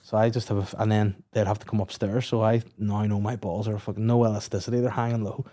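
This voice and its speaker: A man's voice: lowish voice, flat delivery, quick pace, mellow. A man with a Northern Irish accent, hosting a comedy podcast and telling crude, rambling anecdotes full of swearing. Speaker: podcast host. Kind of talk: casual comedy banter.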